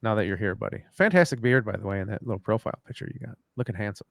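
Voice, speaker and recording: A man's voice: on the low side, lively intonation, very fast, gravelly, a bit bright, dry recording, studio quality. A man co-hosting a live podcast, chatting loosely and rambling, swearing casually. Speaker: podcast co-host. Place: at home after dinner.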